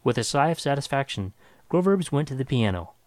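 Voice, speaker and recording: A man reading a science fiction story aloud with dramatic, expressive narration. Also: medium pitch, a little fast, no room sound.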